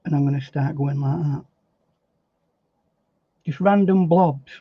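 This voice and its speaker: A man's voice: fairly high pitch, takes it slowly, breathy edge, dry recording. Chatty man teaching painting. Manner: chatty, thinking aloud with fillers and repeats. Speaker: painting instructor. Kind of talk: relaxed painting demonstration. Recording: dry, slightly dull recording.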